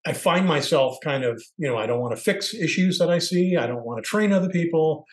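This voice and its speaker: A man's voice: fairly high pitch, animated, brisk, poor audio. A middle-aged man sharing candid personal reflections as a podcast co-host, thinking aloud and searching for words. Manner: candid, searching, acts out quoted voices.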